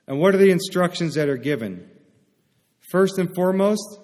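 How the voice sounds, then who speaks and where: A man's voice: sits high, animated, moderate pace, a little mellow. A man preaching a sermon in a conversational way, often checking in with his listeners by asking "right?". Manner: conversational, asks the congregation "right?". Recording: long reverb of a hall.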